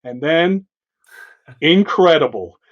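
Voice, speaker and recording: A male co-host in an excited comic book discussion, emphatic and animated, pointing out panel after panel. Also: on the high side, slow. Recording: dull lo-fi sound.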